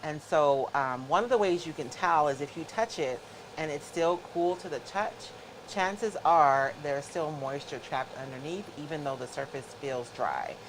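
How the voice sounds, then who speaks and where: A woman's voice: sits low, normal speed, background noise. A middle-aged woman hosting a live craft show, chatting casually and explaining each step to her viewers.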